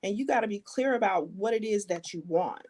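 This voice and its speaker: A woman's voice: medium pitch, brisk, darkish tone. Emphatic woman host speaking on faith. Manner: emphatic, faith-based encouragement. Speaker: talk show host. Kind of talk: conversational interview.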